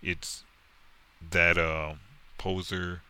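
Man, low voice, bright edge, profane animated rant, mocking, dry sound. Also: drawn-out words. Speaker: comic book commentator. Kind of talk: casual rant.

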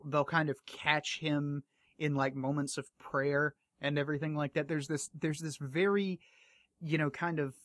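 A man hosting an interview, eager and rambling, with a voice that is wearing thin. He sits a little above the usual male pitch, recorded dry and close with no room in the sound. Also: fairly bright tone, dry recording. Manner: rambling, eager, thinks aloud. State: losing his voice. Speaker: podcast host interviewing an author. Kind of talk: casual interview chat.

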